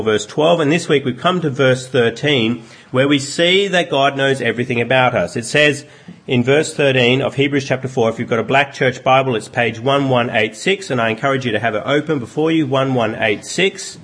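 A man's voice: fairly high pitch, a bit bright. A man preaching a sermon in a conversational way, asking his listeners rhetorical questions. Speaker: pastor.

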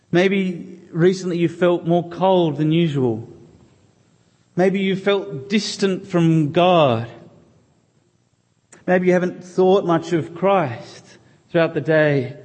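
A man preaching a sermon in church, reading scripture aloud and pleading earnestly with the congregation. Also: sits high. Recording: long hall reverb.

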